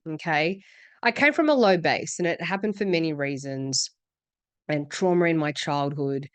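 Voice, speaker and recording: A woman hosting a self-help podcast, talking earnestly and repeating words for emphasis. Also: on the low side. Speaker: podcast host. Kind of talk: reflective self-help monologue.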